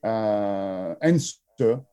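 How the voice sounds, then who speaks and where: A man with a French accent recounts stories for an interviewer. His voice is very dark and mellow. He hesitates constantly, filling gaps with "uh" and circling back to restart his phrases. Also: lowish voice, animated, smooth. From France. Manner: halting, many fillers and restarts. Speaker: drinks brand founder. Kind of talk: interview storytelling.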